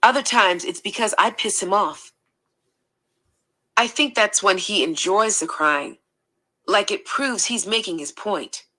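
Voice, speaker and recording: A woman reading a first-person account aloud in a steady, matter-of-fact way. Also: mid-range voice, a little slow, pauses often, poor audio. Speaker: reader.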